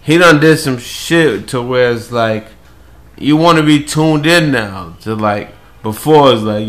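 A man's voice: mid-range voice, animated, slow, pushed and bright. A man in casual chat, talking emphatically and peppering his speech with "bro" and "like". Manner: emphatic, keeps saying "bro" and "like".

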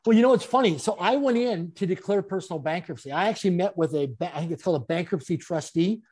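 A man, an interview guest and speaker, telling his story in an animated way with frequent chuckles. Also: sits high, fast talker, slightly rough. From Canada.

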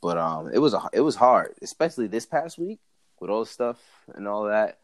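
A man with a very deep voice, chatting in a laid-back, easygoing way and pausing often on fillers. The sound is dry and close. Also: big pitch swings, no echo. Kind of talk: casual chat.

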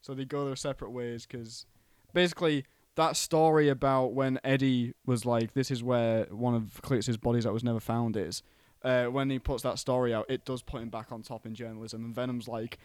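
A man co-hosting a podcast, recapping a film plot in an animated, casual way with plenty of swearing. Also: medium pitch, normal speed, clear, resonant tone, no room sound, studio quality. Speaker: podcast co-host.

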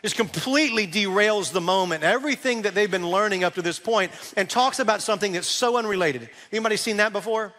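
A man preaching a sermon as a pastor, conversational and animated, with asides to the congregation. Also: sits high, fast talker, hardly any pauses, in a large hall.

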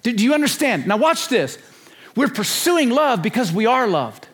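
A man's voice: very high-pitched, sing-song, normal speed, a bit bright, slightly rough. A man in his sixties preaching a sermon to a conference crowd, emphatic and repetitive, stopping often to ask his listeners questions. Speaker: conference speaker.

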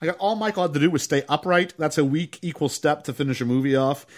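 A man casually recapping a movie on a podcast, telling it with lively energy and acting out lines in high voices. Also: quick pace. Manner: animated storytelling, acts out quotes in raised voices.

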